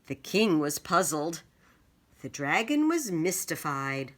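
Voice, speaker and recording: A woman reading a children's picture book aloud, expressive and acting out sound effects. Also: sits low, slow. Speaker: storybook reader.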